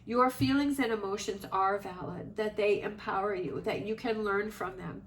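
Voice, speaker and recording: A woman's voice: mid-range voice, normal speed. Woman tarot reader, reassuring and reflective, a little off-mic with faint hiss. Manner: reflective, reassuring, rambling with many fillers. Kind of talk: casual tarot reading monologue. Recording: slightly distant mic with faint noise.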